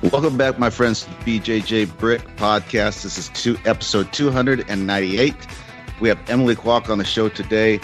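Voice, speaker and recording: A man hosting a podcast, introducing the episode in a relaxed, joking way. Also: lowish voice, moderate pace, faint music behind. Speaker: podcast host. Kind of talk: casual podcast intro and banter.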